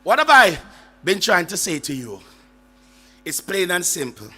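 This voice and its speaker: A man giving a graduation speech, shouting call-and-response lines and breaking into song. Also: high voice, big pitch swings, unhurried, breathy edge. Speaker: graduation speaker. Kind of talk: motivational speech with singing. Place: school graduation ceremony. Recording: loud live choir and band behind.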